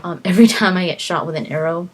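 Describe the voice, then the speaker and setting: A woman casually chatting about a video game she is playing, excitable and rambling, often repeating her words as she talks. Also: fairly low pitch, quick pace, a little hiss or hum. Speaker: gaming vlogger.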